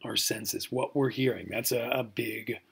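A man's voice: medium pitch, fairly even intonation, a little slow, creaky, slightly rough. A man from California with a Californian accent, giving a recorded college lecture in a joking, mock-outraged way and often asking "right?".

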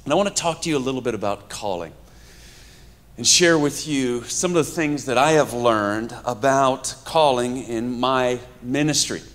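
In a church hall with a live audience, a man in his fifties from New York preaches conversationally, using humor and storytelling and speaking straight to the crowd. His medium-pitched voice is a bit bright and moves at a moderate pace.

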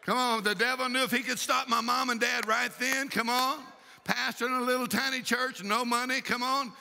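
Fiery preacher, high and gravelly. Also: male voice, steady tone, normal speed. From Texas. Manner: shouting, exhorting with repeated rallying calls. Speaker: pastor. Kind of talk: fiery sermon. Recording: reverberant church hall.

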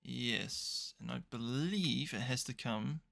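Chatty man with a gravelly, bright voice. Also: medium pitch, takes it slowly. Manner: chatty, thinking aloud, dry self-mocking asides. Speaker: gaming YouTuber. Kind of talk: casual let's play commentary.

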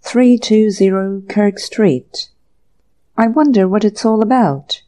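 A woman voicing an irritable young male author who mutters to himself in brisk, exasperated bursts. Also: medium pitch, dark tone, lightly acted. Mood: bewildered, exasperated.

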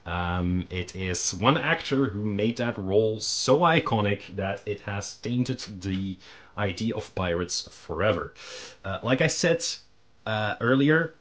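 A man hosting a hobby channel, explaining in a relaxed, casual monologue with frequent ums and restarts. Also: fairly low pitch, takes it slowly. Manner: relaxed, conversational. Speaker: miniature painting channel host.

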